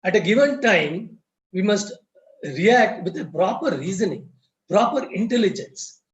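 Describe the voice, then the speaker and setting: A man's voice: high voice, lively intonation, unhurried. Man telling parables in a roomy, muffled webinar. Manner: tells parables, repeats key phrases for emphasis. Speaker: guest speaker at a lodge webinar. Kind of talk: storytelling lecture. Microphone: video call.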